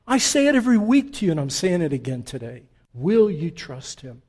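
A high-voiced man delivers a sermon to his congregation. He preaches with passion, climbing to urgent peaks and sinking into hushed, quiet stretches. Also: sing-song, brisk, few pauses, husky. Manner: impassioned, swinging from loud urgent peaks to hushed low passages. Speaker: pastor.

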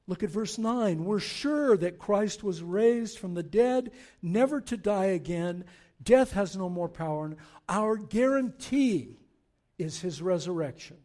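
A male pastor preaching a sermon, reading verses aloud and urging his listeners on with animated, forceful exhortation. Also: sits high.

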